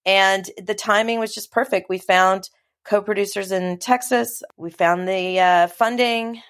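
A middle-aged woman from Los Angeles, a film producer talking as a guest in a casual interview, chatty and animated. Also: medium pitch. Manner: chatty, animated storytelling with quick asides. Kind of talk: casual conversation.

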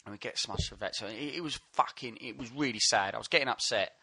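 Bright-voiced man telling a story. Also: mid-range voice, fast talker, creaky, husky, no room sound. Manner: swearing, rambling, laughs at own jokes. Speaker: podcast co-host. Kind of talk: casual storytelling.

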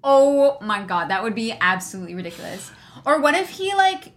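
A woman's voice: on the high side, big pitch swings, a little fast. A young woman co-hosting a casual book podcast, giggly and loose, trailing off mid-thought. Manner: giggly, loose, trails off, quotes characters in funny voices. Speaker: podcast co-host. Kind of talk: casual book-club chat.

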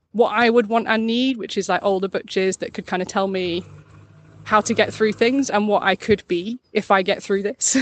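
A woman calling in to a podcast with a voice message, speaking in a hesitant, reflective way with lots of fillers. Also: medium pitch. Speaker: caller leaving a voice message.

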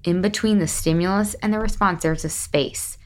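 A woman's voice: fairly low pitch, normal speed. Chatty woman podcast host. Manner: chatty, laughs often, addresses listeners as you guys. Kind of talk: casual podcast monologue.

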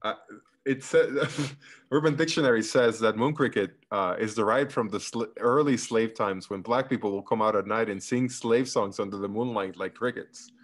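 A man co-hosting a podcast, talking in quick, joking banter and often laughing. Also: lowish voice. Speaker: podcast co-host.

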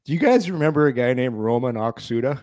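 A man's voice: medium pitch, fast talker, no echo. Laughing middle-aged man telling stories. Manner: animated storyteller, laughs often, acts out voices. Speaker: podcast co-host, former hockey player. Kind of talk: casual sports talk, storytelling.

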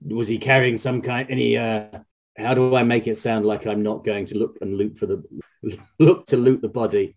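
Man player in a tabletop game, husky voice, wry jokes. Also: on the low side, steady tone, moderate pace, a little mellow. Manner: wry, joking.

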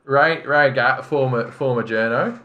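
A man's voice: medium pitch, unhurried, dull audio. A man co-hosting a football podcast, telling stories in a rambling, stop-start way with many restarts. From Australia. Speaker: podcast co-host. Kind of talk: casual chat.

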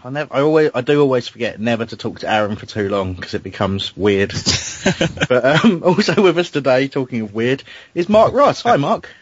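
A man's voice: medium pitch, lively intonation, normal speed, husky. A man hosting a casual football fan podcast, chatty and self-deprecating, with frequent restarts. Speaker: podcast host. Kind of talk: casual fan radio chat. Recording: dull lo-fi home recording.

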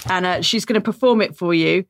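Wry woman, mid-pitched voice. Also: fairly quick. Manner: wry, self-deprecating. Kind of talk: casual chat.

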